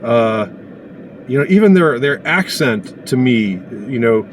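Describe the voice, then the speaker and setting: A man giving a casual opinion monologue, indignant and sarcastic, pausing often as he talks. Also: medium pitch, lively intonation, a little hiss or hum. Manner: indignant and sarcastic, halting with many pauses. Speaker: commentator.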